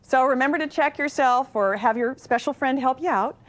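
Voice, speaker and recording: A woman's voice: sits high, fairly quick, a bit bright. A woman in her forties performing a stand-up comedy routine with punchy, wry joke delivery. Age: 40s.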